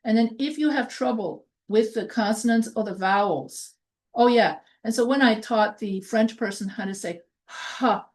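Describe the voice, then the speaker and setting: A woman teaching accent reduction in a loose, chatty way, often trailing off into asides and filling pauses as she goes. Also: on the high side, a little mellow. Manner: rambling, with many fillers and asides; slow, drawn-out word drills. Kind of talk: casual teaching talk.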